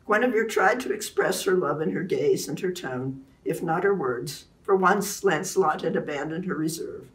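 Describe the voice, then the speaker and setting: A woman author introducing and reading aloud from her own novel in a clear, animated way. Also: low-pitched, moderate pace, hardly any pauses, recorded from a distance.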